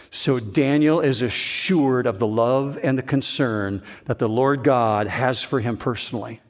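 A man preaching a sermon to his congregation, slow and emphatic, with rising bursts of intensity. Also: medium pitch. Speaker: pastor.

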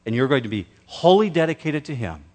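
A man preaching a sermon as pastor, slow and emphatic, with dramatic pauses. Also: fairly high pitch, sing-song, a little mellow.

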